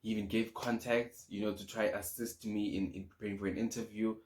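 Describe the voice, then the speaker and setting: A young man from Swaziland, a YouTuber, telling a personal story to camera in a casual, animated way, acting out his past thoughts. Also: on the low side, a little fast.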